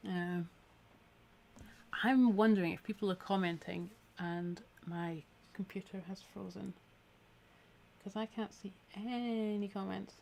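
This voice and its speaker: A Scottish woman with a creaky, slightly mellow mid-range voice speaks a little slowly with fairly even intonation over slight background noise. She's giving a live needle felting tutorial, chatty and encouraging as she works, her voice somewhat tired from a week of talking.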